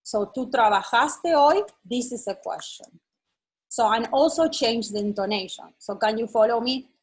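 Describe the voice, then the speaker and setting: A woman's voice: fairly high pitch, normal speed, darkish tone, husky, poor audio. A woman teaching an online lesson, explaining patiently and checking that her student follows. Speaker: Spanish teacher.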